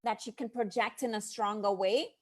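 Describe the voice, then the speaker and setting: A woman hosting an interview podcast as a brand coach, telling stories with lively quoted asides. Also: medium pitch, normal speed. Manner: animated storyteller, quotes people in lively asides. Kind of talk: casual interview chat.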